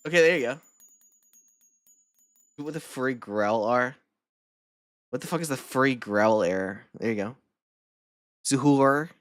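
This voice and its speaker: Animated giggly streamer woman, dry close mic. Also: a bass voice, unhurried, long pauses, no echo. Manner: swearing, giggly, repeats words over and over. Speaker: streamer reacting to videos. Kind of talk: casual reaction stream chat.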